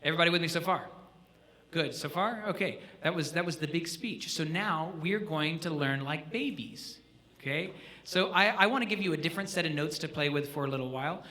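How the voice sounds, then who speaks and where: Man clinician, bright edgy voice, a bit high, playful with students in a school hall. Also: fairly quick. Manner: animated, joking, asks the audience questions. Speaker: jazz clinician. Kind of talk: live music clinic teaching students. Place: school auditorium.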